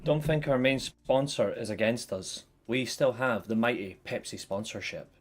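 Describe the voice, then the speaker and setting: A man's voice: medium pitch, moderate pace, a little hiss or hum. A man hosting a wrestling review livestream, chatting casually and jokingly with viewers, greeting them by name. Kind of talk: casual live chat to viewers.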